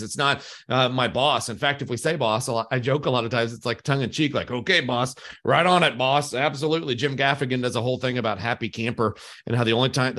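A man of ordinary pitch talks through a workplace topic in a loose, conversational way. He restarts sentences and slips into quoted phrases to make his point. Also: a bit bright. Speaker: podcast co-host, workplace trainer. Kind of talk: casual conversational discussion.

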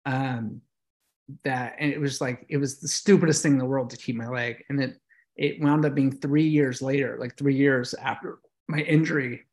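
Gravelly emotional man telling his story. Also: medium pitch, steady tone, moderate pace. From United States. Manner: reflective, emotional, with many fillers and restarts. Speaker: podcast guest, veteran and yoga teacher. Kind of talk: casual interview storytelling.

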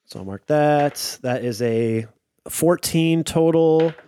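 A man's voice: on the high side, warm tone, smooth. A man playing a tabletop game, joking and bantering casually. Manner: playful, quick banter. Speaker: player.

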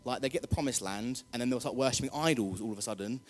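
In a church hall full of long reverb, a male preacher with a medium-pitched voice talks fast. His sermon is casual, chatty and jokey, and he rouses the congregation.

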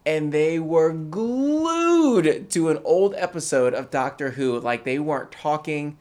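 A man's voice: a little high, animated, slow, darkish tone. A man co-hosting a casual chat, opinionated and rambling with lots of restarts. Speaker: podcast co-host.

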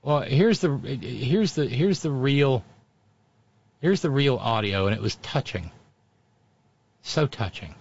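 A man holds forth in opinionated political commentary, scornful and sarcastic, full of name-calling. His voice sits at an ordinary middle pitch. The recording sounds muffled and lo-fi. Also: expressive, slow, gravelly, pauses often, breathy edge.

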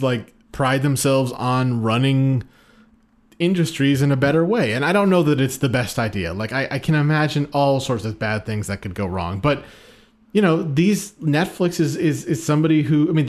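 A man co-hosting a podcast in casual chat, rambling and swearing freely. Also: mid-range voice. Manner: rambling, profane, self-deprecating. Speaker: podcast co-host.

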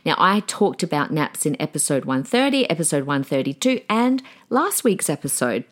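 A woman's voice: low voice, big pitch swings, normal speed. A woman in her thirties hosting a solo podcast, chatty and encouraging, with small restarts as she talks. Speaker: podcast host.

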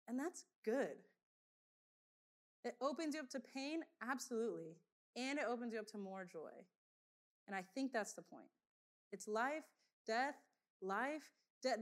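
A woman preaches with a high, light voice, chatty and loose, full of fillers and bursts of laughter. She tells stories to her congregation with animated energy. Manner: animated storytelling, laughs often, conversational with fillers. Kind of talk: sermon.

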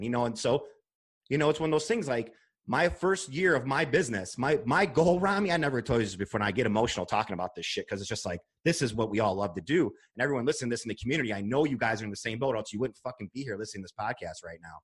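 Emphatic swearing young man, husky voice. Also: mid-range voice, animated, fast talker. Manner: emphatic, heavy swearing, emotional. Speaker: podcast host. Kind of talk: casual chat. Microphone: podcast microphone.

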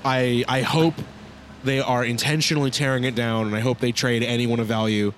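A man's voice: medium pitch, little pitch movement, fairly quick, fairly bright tone, slight background noise. Dry, sarcastic man talking sports. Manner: dry, sarcastic, hesitant with many fillers. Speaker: podcast co-host. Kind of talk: casual sports chat.

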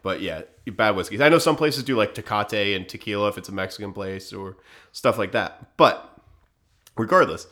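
A man's voice: fairly low pitch, lively intonation, moderate pace, a bit bright. A man co-hosting a podcast, telling a story in a loose, casual way, laughing often and acting out what people said. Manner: laid-back, laughs often, acts out quotes. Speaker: podcast co-host.

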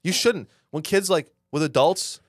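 A man's voice: a little high, unhurried, no room sound, studio quality. A young man co-hosting a podcast, talking bluntly and opinionated, swearing casually. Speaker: podcast co-host. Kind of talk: casual chat.

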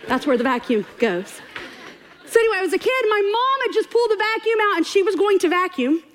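High-voiced woman preaching. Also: racing. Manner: animated, laughing storyteller who acts out quotes. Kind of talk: storytelling sermon. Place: church stage before a congregation.

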